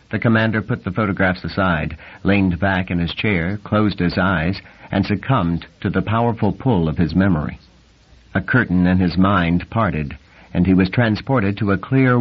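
A man narrates a novel in a steady, even storytelling manner, his voice low and husky. The recording sounds dull and muffled, as on a lo-fi audiobook.

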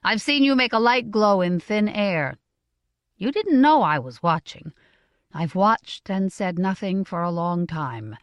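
A stern middle-aged merchant father, as a woman reader gives him voice, speaks in an earnest, deliberate way. His pitch moves freely as he weighs each word, and the recording is close and dry. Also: lively intonation, dry recording, natural voice. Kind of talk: audiobook character voice.

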